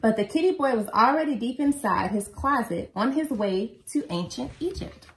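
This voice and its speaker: Woman reading aloud to kids, picture book, expressive, high voice, lively swoops. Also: moderate pace. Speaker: mother reading to children.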